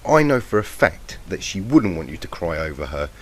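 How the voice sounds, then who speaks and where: A man's voice: on the low side, big pitch swings, normal speed, voice pushed up. A man voicing a kind, firm unicorn mare. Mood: soothing firm. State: has a cold, croaky. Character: kind steady young female unicorn. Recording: noisy lo-fi mic.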